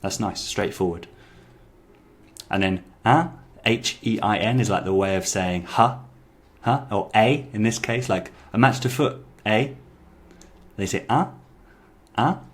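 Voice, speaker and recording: A low-voiced man talks casually through an app review, chatty and full of fillers. He repeats lines aloud before commenting on them. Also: unhurried. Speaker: language-learning YouTuber.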